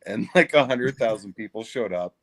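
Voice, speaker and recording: A man from Canada with a relaxed, somewhat low voice spins a story for his friends. His Canadian accent colors every line, and he keeps it dry, chuckling as he goes. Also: moderate pace. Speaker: show regular, piano player. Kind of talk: casual group chat.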